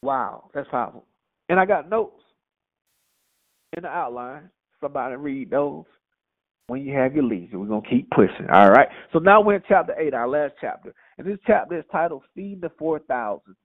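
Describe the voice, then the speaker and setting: A man teaching a Bible study in a lively, conversational way, reading verses and asking rhetorical questions. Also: fairly high pitch, normal speed, vocal fry. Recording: tinny phone-like audio.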